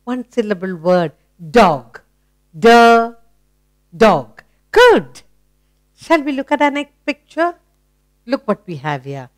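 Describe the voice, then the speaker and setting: A woman with an Indian English accent teaching children phonics, asking questions, praising and sounding out letters slowly. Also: mid-range voice, big pitch swings, no room sound. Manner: asks questions and praises the listener.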